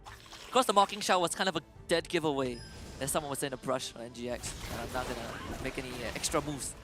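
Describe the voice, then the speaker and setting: A man's voice: medium pitch, fast. Male esports caster over music. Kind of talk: live esports commentary.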